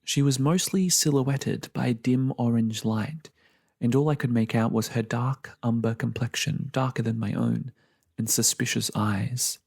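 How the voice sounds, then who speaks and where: A man reads a first-person fantasy tale in a measured, unhurried storytelling manner. His voice sits at a middle pitch, with a noticeable gravelly fry running through it. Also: fairly even intonation, a little mellow. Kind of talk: fiction reading, first person.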